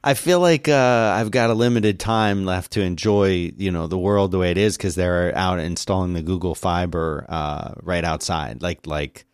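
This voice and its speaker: Laid-back podcast co-host, man with a lowish voice, dry close mic. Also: normal speed, few pauses, smooth, no echo. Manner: easygoing, hesitant, trailing off. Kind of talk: casual chat.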